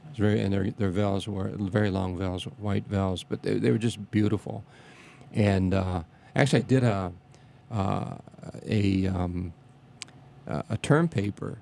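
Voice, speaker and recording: A man reminiscing in a casual interview, speaking haltingly with many restarts and fillers and a reverent tone. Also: lowish voice, steady tone, creaky, warm tone, a little hiss or hum.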